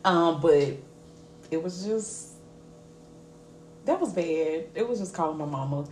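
A young woman podcast co-host, telling an animated, profane story in casual chat and laughing often. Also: low-pitched, unhurried. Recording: echoey room with faint ambient noise.

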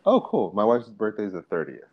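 A man's voice: lowish voice, wildly swooping pitch, fairly quick, muffled recording, over a noisy crowd. A man in his thirties chatting casually as a podcast guest, joking and laughing a lot. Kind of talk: casual chat.

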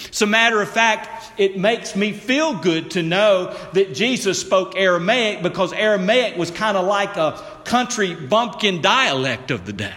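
A high, bright-voiced man preaches at an unhurried pace. He leans on emphasis and sinks into low, hushed tones, then turns to address his congregation directly. His voice rings with a long reverb, as in a church hall. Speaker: pastor. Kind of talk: sermon.

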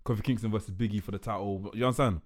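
Fast-talking young man, eager predictions. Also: lowish voice, fairly even intonation. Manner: quick, predicting and pressing for agreement. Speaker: podcast co-host. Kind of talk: casual chat.

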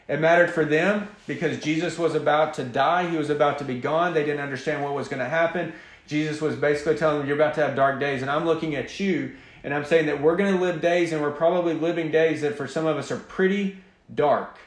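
A man delivers a sermon as a pastor, earnest and emphatic in his preaching. His voice sits a little high for a man. The room around him gives a noticeable echo. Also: fairly quick. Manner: earnest, emphatic preaching with a quiet prayer opening.

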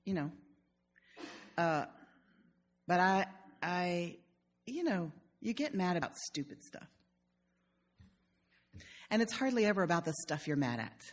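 A woman's voice: lowish voice, big pitch swings, measured pace, long pauses. Older woman pastor preaching conversationally. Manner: warm storytelling with humor. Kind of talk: conversational sermon.

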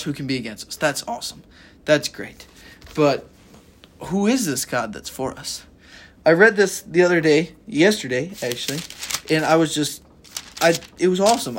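A man with a fairly high voice gives an informal Bible talk on his podcast. He is earnest and emphatic, rambling now and then with fillers. His pitch lifts and drops a lot as he leans into key points. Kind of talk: informal devotional teaching.

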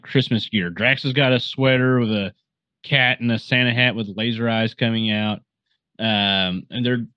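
A man casually hosts a podcast, recapping a movie scene in a loose, rambling way, full of fillers and false starts. His voice sits at an average pitch. The recording is dry and a little dull. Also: no echo. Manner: rambling, filler-heavy storytelling. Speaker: podcast host.

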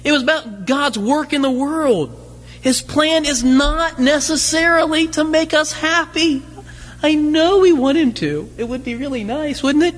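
A man's voice: very high-pitched, measured pace, fairly bright tone. A man preaching a sermon as pastor, conversational, full of rhetorical questions and light humorous asides. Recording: long hall reverb.

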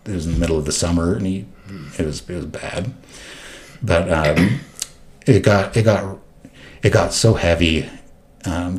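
A man who used to work in homeless services, telling stories in a casual, earnest and halting way. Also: low-pitched, darkish tone. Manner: earnest, halting, often restarts. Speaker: former homeless services worker. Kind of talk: casual storytelling.

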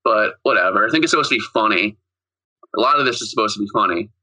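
A man's voice: on the low side, fast, bright, forceful tone, poor audio. A man co-hosting a podcast, casually recapping a film and retelling its scenes in a rambling way. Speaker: podcast co-host. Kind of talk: casual movie recap chat.

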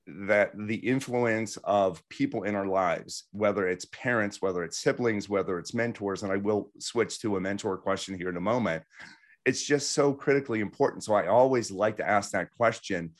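A man's voice: fairly low pitch, moderate pace. A man hosting a podcast interview, talking with enthusiasm and affirming his guest, with lots of fillers. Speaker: podcast host. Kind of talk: casual interview talk.

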